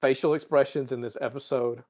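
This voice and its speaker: A man's voice: mid-range voice, a little fast. Man animatedly recapping a show. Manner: animated storyteller, laughs while telling. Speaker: podcast host. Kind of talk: casual episode recap.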